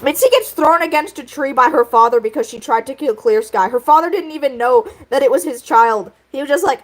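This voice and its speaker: A woman's voice: high voice, brisk, few pauses. A young woman creator chatting casually while she draws, rambling with fillers and frequent giggles. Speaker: video creator. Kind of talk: casual chat while drawing.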